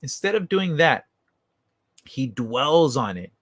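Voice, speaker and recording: A man's voice: mid-range voice, sing-song, slow, dry recording. Rambling, foul-mouthed man on a livestream. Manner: rambling, profane, full of restarts. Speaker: livestream talk show host. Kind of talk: casual chat.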